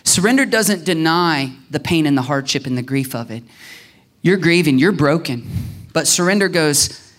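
Male pastor, fairly high voice, animated sermon delivery with dramatic hushed drops. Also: normal speed. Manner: animated, acts out prayers and quotes with swings in pitch and loudness.

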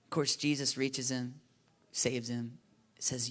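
A man preaching a sermon in a casual, animated way, often checking in with his listeners with "right?" and "you know?". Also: medium pitch, takes it slowly. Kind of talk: conversational sermon.

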